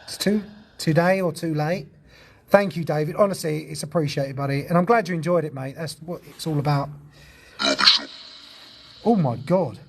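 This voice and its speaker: A man's voice: a little high, moderate pace, long pauses, background noise. A man chatting casually on a ghost-hunting livestream, talkative and jumpy, swearing when startled outdoors.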